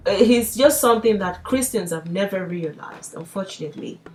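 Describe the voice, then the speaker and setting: A woman's voice: medium pitch, animated, moderate pace, darkish tone, faint music behind. Chatty woman teaching with laughs. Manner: chatty, laughs often, acts out mock pleas. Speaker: language teacher. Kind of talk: casual spoken lesson.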